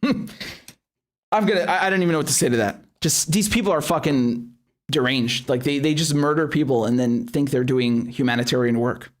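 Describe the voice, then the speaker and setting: A blunt, foul-mouthed man with a mid-range voice hosts a live stream at normal speed, commenting and reading viewer chats. He swears heavily and restarts his sentences often.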